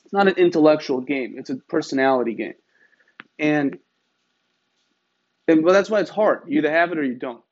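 A man's voice: fairly high pitch, normal speed, pauses often. A man from Iran telling a story in a wry, emphatic way, often adding rhetorical tags. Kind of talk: casual storytelling. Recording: slightly dull, lo-fi sound.

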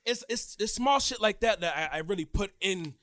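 A young man co-hosting a casual podcast, talking animatedly with loud outbursts, frequent swearing and laughter. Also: high-pitched, animated, fairly quick. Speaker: podcast co-host and impressionist.

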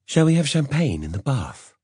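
Guy doing a sultry scheming blonde woman, raised pitch, husky purring half-whispers, audiobook. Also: very animated, normal speed, darkish tone, no room sound, clean studio sound.

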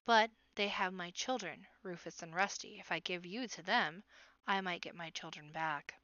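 A woman voicing a gaunt, haunted widowed lady rabbit who speaks quietly and shakily, as if near sobbing. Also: on the low side, moderate pace, dry recording, muffled recording. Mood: hushed, broken.

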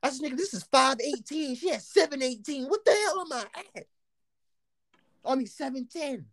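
A man telling a story in casual chat, animated and profane, laughing often and acting out what people said. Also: extremely high pitch, normal speed, gravelly, no room sound.

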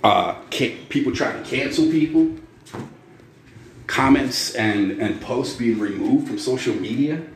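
A man's voice: mid-range voice, unhurried. Profane, ranting man in an echoey room. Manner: angry, profane, sarcastic ranting. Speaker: podcast host. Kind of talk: ranting podcast monologue. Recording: echoey room with faint noise.

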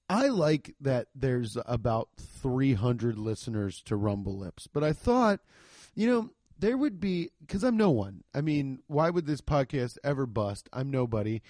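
A man's voice: mid-range voice, darkish tone, dry recording, clean studio sound. A man who is a stand-up comedian, hosting his own podcast in a rambling, profane, self-deprecating solo monologue. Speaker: podcast host.

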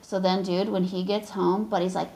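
A woman's voice: on the low side, level tone, normal speed, creaky, dark tone, poor audio. A tired woman in her thirties, a podcast guest, telling profane, rambling stories full of acted quotes in casual chat.

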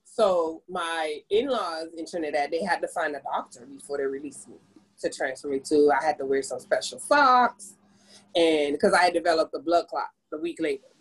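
A woman in her forties from the Caribbean, a podcast guest telling her story in an animated, expressive way. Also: normal speed, husky, poor audio. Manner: animated, expressive storyteller with big pitch jumps. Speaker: podcast guest, business owner. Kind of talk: casual conversational storytelling.

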